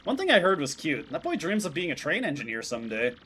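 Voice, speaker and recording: A man streaming a video game, chatty and quick to laugh as he comments on the game. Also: a little high, huge pitch swings, sharp tone, breathy edge. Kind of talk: game commentary while reading dialogue aloud.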